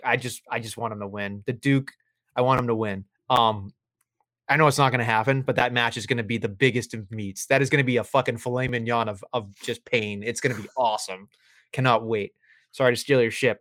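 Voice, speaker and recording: A man co-hosting a podcast in casual wrestling chat, excitable and profane, his voice climbing when he rants. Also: dry recording. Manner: excitable, swears often, rants with rising pitch. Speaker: podcast co-host.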